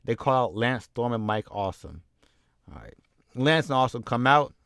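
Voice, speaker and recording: A man's voice: medium pitch, big pitch swings, moderate pace, gravelly, fairly bright tone, dry recording, studio quality. A man casually narrating a wrestling game playthrough in an offhand, rambling way. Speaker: game commentator.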